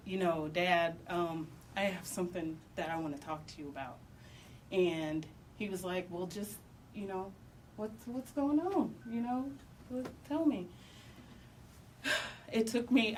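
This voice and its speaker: A woman telling her own story in a halting, emotional way, with many pauses and restarts. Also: fairly low pitch. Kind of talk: personal storytelling. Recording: distant mic with faint background noise.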